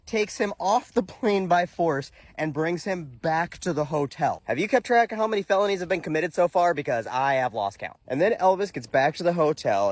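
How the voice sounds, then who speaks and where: A man's voice: on the high side, no room sound. A man telling a comedic story with irreverent, profane jokes and asides.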